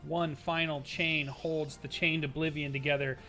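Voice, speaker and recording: A man with a bright, forceful voice sits a little high in pitch as he runs a tabletop fantasy game. He narrates the battle steadily and calls each player's turn. His tone stays clear and energetic. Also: moderate pace, soft background music. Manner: descriptive, calmly narrating scenes. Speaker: dungeon master.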